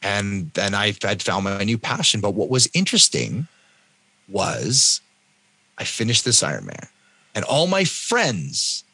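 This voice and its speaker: A Canadian man in his fifties, a podcast guest telling his own story in a lively way and acting out what other people said. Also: lowish voice, measured pace, gravelly, breathy edge, no room sound. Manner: animated, acts out other people's lines. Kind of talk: personal storytelling in an interview.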